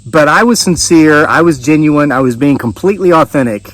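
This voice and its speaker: An older vlogger stands outdoors on a rural homestead, sweating in the heat as he spins a rambling, folksy story for the camera with frequent fillers and restarts. His slightly high voice is animated, fairly quick and fairly bright, over a rough recording.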